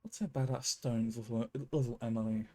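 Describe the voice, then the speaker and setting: Man doing a folksy miner uncle, mellow, mid voice, teasing tone. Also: medium pitch, steady tone, a little fast, a little hiss or hum, close to an everyday voice. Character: good-natured uncle, a miner, playful. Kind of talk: reading game dialogue aloud.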